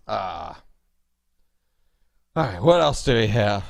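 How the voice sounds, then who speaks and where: A man hosting a podcast in casual chat, excitable and mocking, laughing often. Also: on the low side, slow, gravelly, no echo, studio quality. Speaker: podcast host. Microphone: podcast mic with cord.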